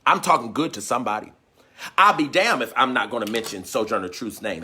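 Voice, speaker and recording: A man preaching an impassioned sermon. He drives home repeated refrains and calls out to the crowd, often rising to a shout. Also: on the low side, lively intonation, quick pace, husky. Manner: call-and-response, repeated refrains, swings into shouting. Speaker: teacher and preacher.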